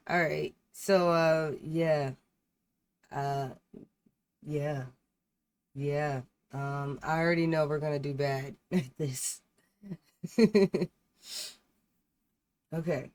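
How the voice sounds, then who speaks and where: A woman's voice: low-pitched, a little slow, long pauses, darkish tone. A woman streaming a game, giving playful, casual commentary and reading the on-screen text aloud. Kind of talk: casual let's-play commentary.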